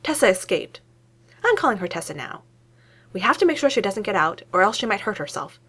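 A woman voicing an excitable young male scientist who gets loud and shrill. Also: breathy edge. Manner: rapid, excitable, voice shooting up.

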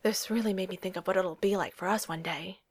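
A woman's voice: mid-range voice, fairly quick, close to an everyday voice. A woman voicing a reserved, serious young man. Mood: restrained. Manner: flat, restrained delivery.

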